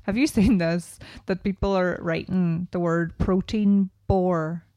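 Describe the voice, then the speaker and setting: A woman's voice: fairly low pitch, steady tone, slow, warm tone, dry recording, highs cut off. A woman in her thirties with a rural Irish accent, co-hosting a podcast and telling stories in a chatty, casual way. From Ireland. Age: 30s. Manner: chatty, storytelling with lots of "like" and "right?". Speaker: podcast co-host. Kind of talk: casual chat.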